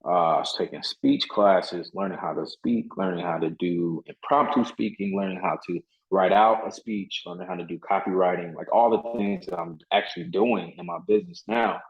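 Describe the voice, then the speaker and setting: A man with a very low voice tells his story as a guest in a casual interview. He talks earnestly, doubles back on his words and keeps dropping in "you know". The recording sounds dull and lo-fi. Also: normal speed, vocal fry, few pauses. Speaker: podcast guest, motivational speaker.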